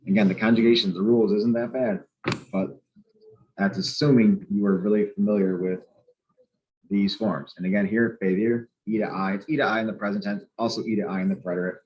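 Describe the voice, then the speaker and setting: A man's voice: fairly low pitch, steady tone, brisk, highs cut off. A man teaching a grammar lesson, explaining patiently and methodically and repeating key points. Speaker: Spanish teacher.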